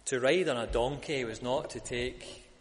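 A man preaching a sermon, building to loud, emphatic peaks when he quotes a crowd. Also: mid-range voice, a little slow, big-room sound, a little hiss or hum. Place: church.

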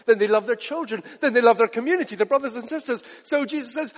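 Male preacher, impassioned sermon, high pitch, swings from loud to hushed, hall reverb. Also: quick pace, hardly any pauses. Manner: passionate, direct questions to listeners, swings from loud to hushed.

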